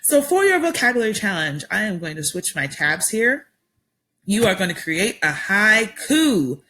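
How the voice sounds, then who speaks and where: A woman's voice: medium pitch, very animated, normal speed, bright, forceful tone. A woman teacher giving a recorded vocabulary lesson to her students, explaining patiently step by step with frequent ums.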